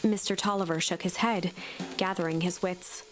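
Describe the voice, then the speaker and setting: A woman doing whispered story narration in a hushed, suspenseful whisper. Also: fairly low pitch, steady tone, moderate pace, music in the background.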